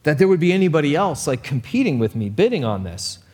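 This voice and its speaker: Man as a desperate farmer, anxious, urgent, lively pitch. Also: fast talker, breathy edge, in a large hall. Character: anxious farmer bidding everything he owns.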